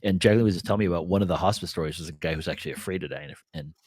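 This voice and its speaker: Low-voiced dude musing about spirit stuff, dry close mic. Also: male voice, racing, a little mellow, husky, no room sound. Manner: reflective and spiritual, with short affirmations. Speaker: podcast co-host. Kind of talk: casual conversation.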